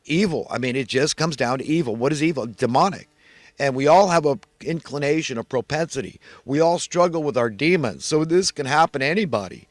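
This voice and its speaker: A man's voice: on the high side, animated, brisk, dry recording. A man delivering an emphatic, repetitive solo rant. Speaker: vlogger.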